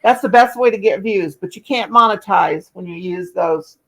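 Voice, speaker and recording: Chatty woman with a gravelly voice. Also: mid-range voice, moderate pace, low-quality recording. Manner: chatty, folksy, addresses viewers by name. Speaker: livestream host. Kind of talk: casual livestream chat.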